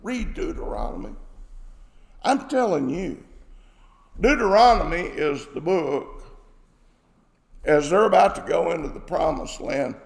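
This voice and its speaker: A man's voice: a little high, big pitch swings, measured pace, creaky, long pauses. A man preaching a sermon, emphatic and repeating his phrases for stress. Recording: echoey hall with long reverb.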